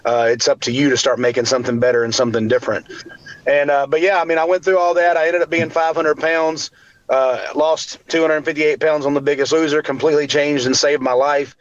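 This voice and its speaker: A man's voice: fairly high pitch, level tone, fairly quick, no room sound, dull audio. A man in his forties, a guest telling his personal story earnestly, with faith woven in and other people's words acted out. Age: 40s. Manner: earnest, faith-filled, acts out quotes of others.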